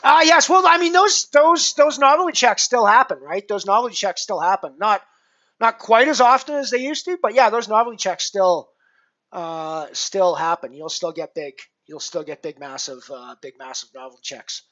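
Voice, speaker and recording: A man chats loosely on his poker stream, his voice pitched a little high and sounding bright and forceful. He drifts through fillers and restarts and often jokes at his own expense. The audio comes through dull and lo-fi. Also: lively intonation, moderate pace. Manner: rambling, many fillers and restarts; self-deprecating. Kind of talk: casual live-stream chat.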